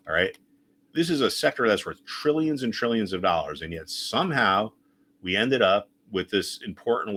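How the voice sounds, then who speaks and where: A man's voice: lowish voice, pushed and bright. A man teaching a chart lesson on a screen share, speaking emphatically and repeating his key points. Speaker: trading educator.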